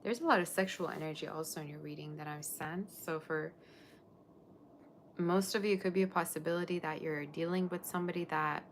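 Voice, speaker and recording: A woman with a low voice and a gravelly edge gives a live tarot reading. She talks in a chatty, rambling way and answers her viewers' comments as she goes. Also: fairly even intonation, fairly quick, slight background noise. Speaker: tarot reader.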